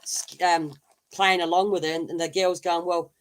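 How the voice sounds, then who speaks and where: A woman's voice: on the low side, fairly even intonation, moderate pace. A woman with an Australian accent hosting a casual live chat, telling a long story with many fillers and restarts. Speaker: host.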